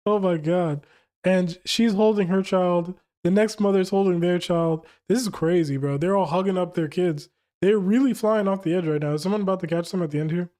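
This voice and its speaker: An excitable man reacts to a comic chapter in a loose, slangy way. He laughs often, and his voice sits fairly high. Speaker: manga reaction host. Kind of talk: casual reaction while reading a comic chapter aloud.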